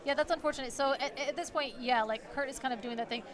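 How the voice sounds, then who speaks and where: A woman commentating a card game tournament, emphatic and quick to jump in. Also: high-pitched. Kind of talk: casual play-by-play commentary. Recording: crowd noise behind the mic. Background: crowd chatter.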